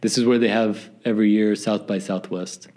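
A man's voice: on the low side, moderate pace. A man from the American South with a faint American accent, chatting casually and rambling, with frequent laughs. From southern United States. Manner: relaxed, rambling, laughs often. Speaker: English teacher at a school. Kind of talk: casual chat.

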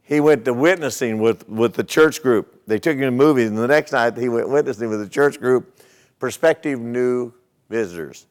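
A man preaching from the pulpit at a middle pitch, spinning out a story in an easygoing, folksy manner. He checks in with his listeners through rhetorical questions as he leads into his teaching. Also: normal speed. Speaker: pastor. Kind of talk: sermon.

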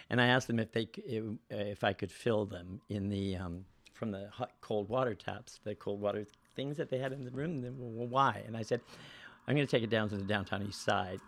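A man being interviewed as a guest, telling meandering, self-deprecating stories with frequent laughs. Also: lowish voice. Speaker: guest, actor and photographer. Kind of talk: casual interview chat.

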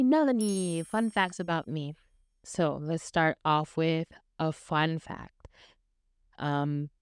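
Chatty woman, low and smooth. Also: darkish tone, dry recording, clean studio sound. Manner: chatty, rambling with fillers. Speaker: podcast host. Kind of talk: casual faith podcast chat.

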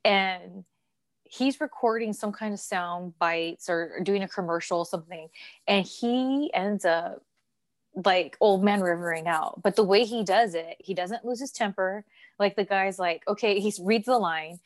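A woman's voice: mid-range voice, a little slow, no room sound. A young adult woman co-hosting a casual podcast chat, telling stories animatedly and acting out quoted lines. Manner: animated storyteller, acts out quotes. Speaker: co-host.

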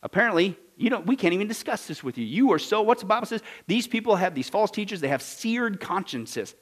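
A pastor delivers a sermon in a high-pitched, sing-song voice at a slightly fast pace. He swings emphatically between loud declarations and quiet asides, frequently tossing rhetorical questions to the congregation.

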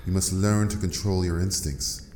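Man doing a deep stern old woman. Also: fairly even intonation, normal speed, darkish tone, a little hiss or hum, natural voice. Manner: commanding, exasperated. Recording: roomy echo.

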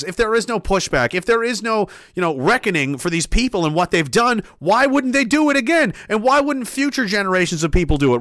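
A man's voice: on the high side, fairly bright tone, no echo, studio quality. A man delivering a heated, profane opinion rant, emphatic and rambling, with restarts and asides.

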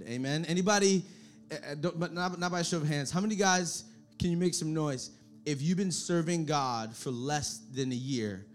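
Young man, high voice, youth pastor, energetic sermon, repetitive, calls for audience response.

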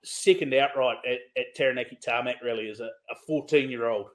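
A man's voice: medium pitch, fast. A man with a New Zealand accent hosting a casual podcast interview, chatty and laughing along with his guest. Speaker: podcast host.

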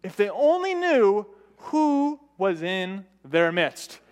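A man preaching a sermon in a conversational way, often checking in with "right?" and shifting his pitch and loudness for emphasis. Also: very animated, slow pace, smooth.

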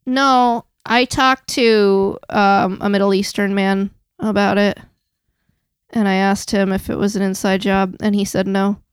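Female co-host, hesitant and halting, smooth clear voice, dry close mic. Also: medium pitch, level tone, no room sound. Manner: hesitant, halting, many fillers. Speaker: podcast co-host. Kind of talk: casual chat.

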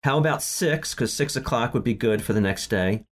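Man, casual co-host, mid-pitched, rambling storyteller who laughs often. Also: expressive, moderate pace. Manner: rambling, laughs often, many fillers and restarts. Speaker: podcast co-host. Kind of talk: casual chat recapping episodes.

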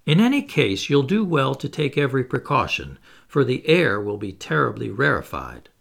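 A man voicing a stubborn male skeptic who keeps pressing sharp, doubting questions, a little higher than his narration. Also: sing-song, normal speed, gravelly, exaggerated voice. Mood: insistent. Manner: challenging, insistent questions.

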